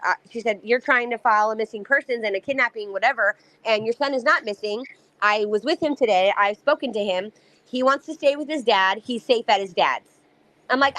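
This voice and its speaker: A woman's voice: a little high, a bit bright, no echo. A woman angrily recounting a custody fight, swearing often and talking in a heated, ranting rush. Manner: heated, profane, fast-ranting. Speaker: mother telling her story. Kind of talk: angry personal account.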